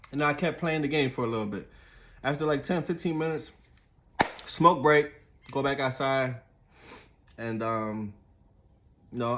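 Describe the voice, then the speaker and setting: A man's voice: mid-range voice, a bit bright. A young man telling a story in casual, profane talk, full of fillers and restarts. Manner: loose and profane, with frequent fillers and laughs.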